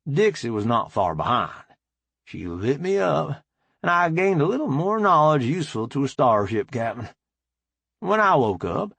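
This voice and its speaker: A man's voice: medium pitch, creaky, fairly bright tone, breathy edge, no room sound. A man narrating a first-person audiobook in an easygoing, matter-of-fact way, close to the mic.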